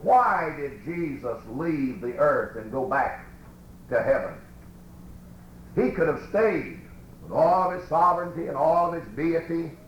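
A man preaching a sermon and reading scripture aloud in a church, with slow, emphatic, drawn-out phrasing. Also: fairly high pitch, animated. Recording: echoey room with faint background noise.

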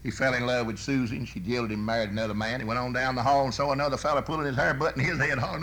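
A man preaching a sermon, telling folksy stories and swinging from loud bursts to soft, low asides. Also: fast talker, hardly any pauses, slight background noise.

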